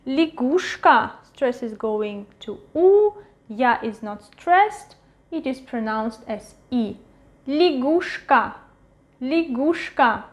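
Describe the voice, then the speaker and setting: A woman teaching a pronunciation lesson at a whiteboard, repeating each word slowly several times. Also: on the high side, sing-song, a little mellow. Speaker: language teacher. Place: at a whiteboard with a marker.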